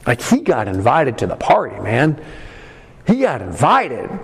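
A man preaching a sermon as a pastor, telling a personal story with many fillers and some shouted peaks. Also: medium pitch, huge pitch swings, a little slow, gravelly, breathy edge. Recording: long hall reverb.

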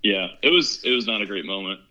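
A man's voice: lowish voice, lively intonation, brisk, bright, forceful tone. A young man from Ohio, telling a story as a podcast guest in a rambling, casual way, full of "like" and "you know". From Ohio, USA. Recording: muffled lo-fi recording.

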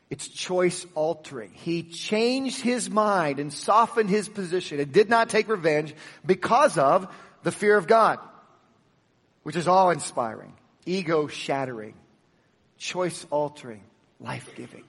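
A man preaching a sermon with animated, emphatic delivery, swinging from loud peaks to soft drops and acting out the dialogue of the story. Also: on the high side, a little slow, big-room sound. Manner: acts out the dialogue of the Bible story. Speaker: pastor.

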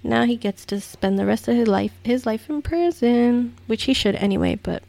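A woman's voice: on the high side, normal speed, vocal fry, dark tone. A woman hosting a casual commentary podcast, rambling and exasperated, with many fillers and restarts. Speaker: podcast host.

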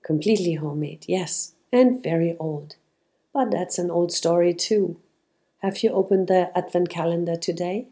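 A woman reading aloud, voicing a kind, very old male flower seller who talks in a gentle, secretive way. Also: lowish voice, moderate pace, natural voice.

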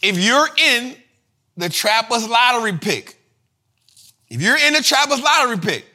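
Very high-voiced and unhurried, this man hosts an investing show and explains finance terms in a casual, slangy style. He repeats himself a lot and gets animated as he teaches.

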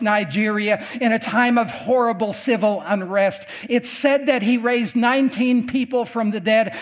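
An older man preaching a testimony sermon in a folksy storytelling way, acting out the voices of the people in his story. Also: high-pitched. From American Midwest.

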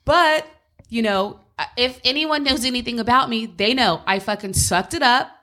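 A woman's voice: a little high, moderate pace, sharp tone. A woman co-hosting a podcast from home, telling a personal story in casual chat, candid and swearing freely. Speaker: podcast co-host.

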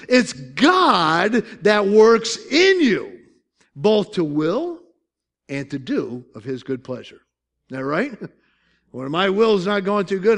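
A man's voice: high-pitched, sing-song, slow, fairly bright tone. A man pastor preaching a sermon in a conversational way, with joking asides and questions to the congregation.

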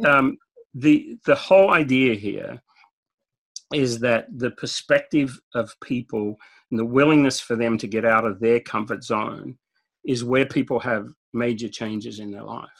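An Australian-accented man speaks as an interview guest, with a gravelly, fry-laden voice at an ordinary pitch. He tells stories in a direct, talkative way and laughs at his own jokes. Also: unhurried. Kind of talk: conversational storytelling interview.

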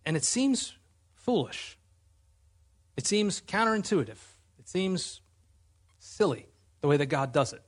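Pastor, male, fairly high husky voice, earnest emphatic sermon delivery. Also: big pitch swings, a little slow, long pauses. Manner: earnest, emphatic preaching with rhetorical questions.

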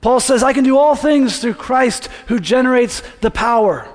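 A man with a high voice preaches to his congregation in a relaxed, conversational way, often asking them to say words back to him. His voice rings out with the long reverb of a large church sanctuary. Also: normal speed. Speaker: pastor. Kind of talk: sermon.

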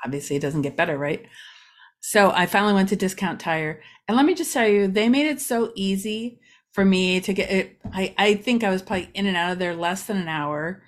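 A woman's voice: medium pitch, brisk. A woman from Ohio hosting a casual local-news vlog, chatty and rambling with many asides. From Ohio, USA. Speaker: local community vlogger.

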